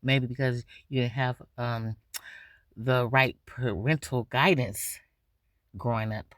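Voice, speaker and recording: Slow, low-voiced woman commentator. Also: no room sound. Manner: slow, preachy, scolding. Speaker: commentary host. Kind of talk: drama commentary reacting to a clip.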